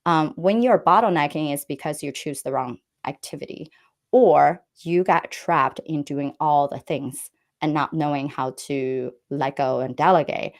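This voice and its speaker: A woman's voice: sits low, measured pace. A woman giving earnest business advice as an interview guest, often checking in with "right?". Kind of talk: interview answers.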